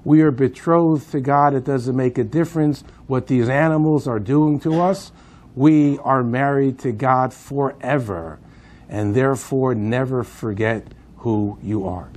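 A man's voice: on the low side, normal speed, warm tone, breathy edge. A man voicing a devout male rabbi held prisoner, speaking solemnly and firmly. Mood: fervent.

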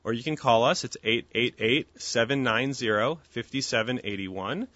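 A man's voice: mid-range voice, normal speed, bright, forceful tone, dry recording. A man in his thirties, a company founder as interview guest, talking earnestly and at length with frequent restarts. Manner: earnest, talkative, restarts often. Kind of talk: casual interview chat. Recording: dull lo-fi dry recording.

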